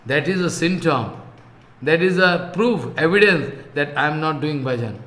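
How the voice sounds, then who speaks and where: A man giving a scripture class as a spiritual teacher. He talks haltingly, repeats himself, and chants verses slowly. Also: a little high, a bit bright, roomy sound.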